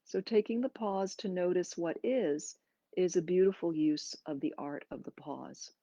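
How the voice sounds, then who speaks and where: A woman yoga teacher talks a class through its breathing, slow and gentle, leaving pauses between her instructions. Her voice is mellow and a little low. The recording is dry and slightly dull, with a lo-fi edge. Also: no echo. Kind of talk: guided breathing and movement class.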